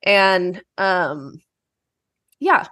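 A woman's voice: fairly low pitch, big pitch swings, extremely slow, sharp tone, no echo, clean studio sound. A woman on a podcast panel, chatty and sharing fun facts. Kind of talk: casual chat.

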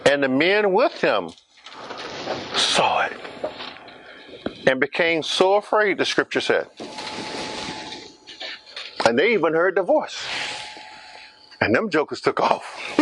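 A man's voice: fairly high pitch, wildly swooping pitch, slow pace, pauses often, fairly bright tone, a little hiss or hum. A man preaching a sermon, questioning the congregation and acting out scripture scenes.

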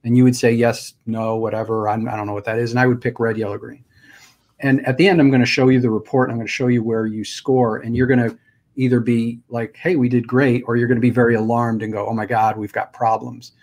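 A man's voice: medium pitch, flat delivery, brisk, a little mellow. Laid-back guy hosting, talks it through casually, restarts a lot. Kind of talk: casual conversation.

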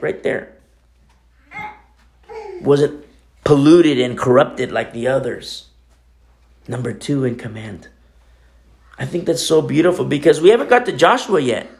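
Middle-aged male pastor, gravelly, talky sermon delivery with loud-soft swings. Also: a little high. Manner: conversational preaching, sudden swings between loud and quiet.

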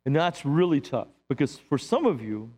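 A middle-aged man, a pastor, preaching a sermon in a church with lively, joking storytelling. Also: fairly high pitch, normal speed.

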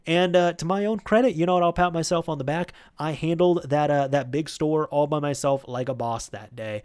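A man's voice: a little high, moderate pace, hardly any pauses, smooth. Casual man telling a work story. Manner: rambling, animated when quoting others. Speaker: podcast host.

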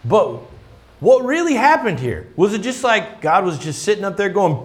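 A man delivers a loose, conversational sermon on a scripture passage. His voice sits a bit high for a man, and he keeps checking in with his listeners in an easygoing, chatty way. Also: big pitch swings, moderate pace. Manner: casual, often asks "right?". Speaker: pastor.

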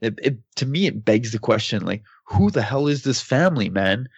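A man's voice: medium pitch, expressive, moderate pace, creaky, husky, dry recording, muffled recording. A man talking casually and with enthusiasm, rambling and often saying "man" and "like". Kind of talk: casual discussion.

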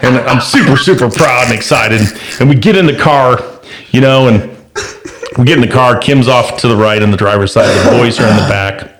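A middle-aged man hosting a podcast, telling a family story in a casual, animated way and acting out the voices in it. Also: mid-range voice, a little fast, a little hiss or hum. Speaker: podcast host and father.

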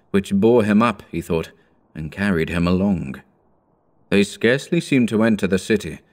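A man narrating an audiobook in a measured, steady reading. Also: deep voice.

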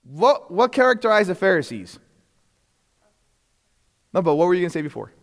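A man with a fairly high voice teaches a church class in an easy, conversational way. He keeps asking the room questions and lets small chuckles slip between points. His voice rings with a long reverb, as if recorded in a large hall. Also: big pitch swings, moderate pace, creaky, fairly bright tone.

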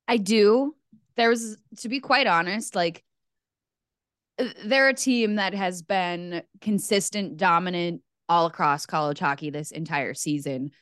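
A woman's voice: on the low side, a little slow, fairly bright tone, no room sound, clean studio sound. A woman co-hosting a podcast, talking sports in an easygoing, agreeable, analytical way. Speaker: podcast co-host. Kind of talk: casual sports chat.

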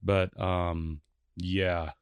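A man with a low, smooth and resonant voice talks easily about his songwriting as a guest on a radio show. He sounds thoughtful and modest, and the recording is dry and close. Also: flat delivery, extremely slow, dry recording. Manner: easygoing, thoughtful, self-deprecating. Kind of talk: casual interview chat.

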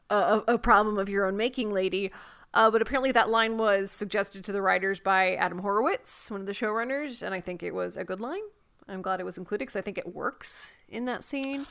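A woman co-hosting a podcast in casual chat, joking about a TV show with animated, exaggerated outrage. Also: mid-range voice. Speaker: podcast co-host.

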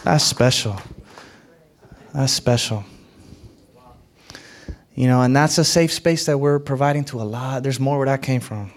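A man preaching a sermon as pastor, emphatic and animated, with big swings in loudness. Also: mid-range voice, brisk, hardly any pauses, slight background noise. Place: church hall.

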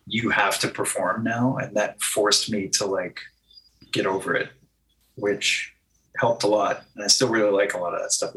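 A man's voice: fairly low pitch, fairly bright tone, rough recording. A man talking casually as a guest musician in an interview, loose and teasing, with lots of "like" fillers. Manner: laughing, teasing, filler-heavy with "like".

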